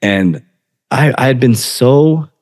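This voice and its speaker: A man in his forties, a podcast guest, telling his life story in an earnest, halting way. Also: mid-range voice, lively intonation, darkish tone. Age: 40s. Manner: earnest, halting, often laughing while recounting. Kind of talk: emotional personal storytelling.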